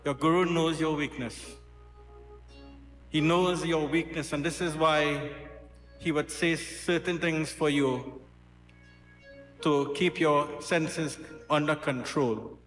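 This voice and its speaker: A man doing a calm old guru. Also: a little high, slow, pauses often. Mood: gentle. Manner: patient, explaining. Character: calm wise old male guru, gently instructive. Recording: roomy hall, faint music.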